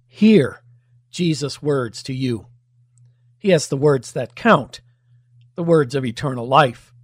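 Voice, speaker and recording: Male preacher, sermon delivery, slow unhurried pace, dry close sound, emphatic rhetorical questions. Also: medium pitch, dry recording. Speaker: pastor.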